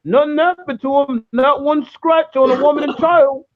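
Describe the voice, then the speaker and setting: A woman's voice: sits high, steady tone, normal speed. A woman speaking as a guest in a casual discussion, indignant and fed up. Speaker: panel guest. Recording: tinny phone line.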